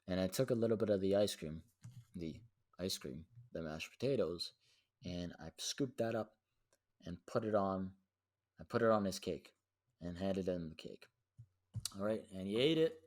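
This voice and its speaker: A young man telling a story as a podcast host, slangy and profane, with lots of "dude". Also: low voice. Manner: slangy and profane, says "dude" a lot, animated retelling. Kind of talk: casual storytelling monologue.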